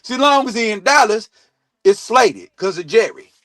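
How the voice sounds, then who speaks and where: A man with a high voice rants about football on his own sports talk stream. He is blunt and profane, and he swings from loud bursts down to low asides. The sound is close and dry, with no room echo. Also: lively intonation, normal speed. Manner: heated, blunt, swears a lot, swings loud and quiet. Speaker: sports talk show host. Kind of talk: profane sports opinion rant. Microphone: streaming mic.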